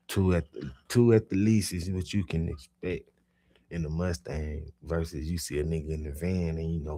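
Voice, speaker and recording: A young man telling a profane street story in casual talk, swinging between low mutters and loud animated bursts. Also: creaky, slightly rough. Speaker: podcast storyteller.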